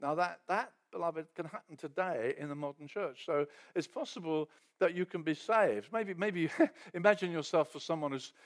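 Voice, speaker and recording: A man preaching a sermon in a conversational storytelling way, often dropping to a soft aside and acting out quoted voices. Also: on the high side, moderate pace.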